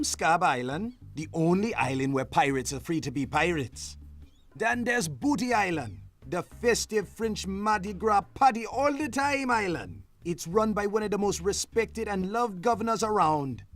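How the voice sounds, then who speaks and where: A laid-back Jamaican boat captain. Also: male voice, sits high, animated, moderate pace, fairly bright tone, faint music behind. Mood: easygoing. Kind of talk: video game voice acting.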